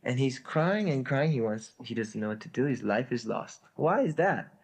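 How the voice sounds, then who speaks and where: A man's voice: medium pitch, expressive, normal speed. A man teaching a spiritual lecture with a story, hesitant with many fillers and a wry humor.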